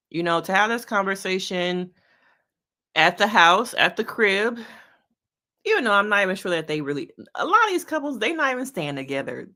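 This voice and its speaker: A woman's voice: mid-range voice, pushed and bright. A woman, a licensed therapist, giving casual reaction commentary on a reality show, talking straight to her viewers in a chatty, slangy, playful way.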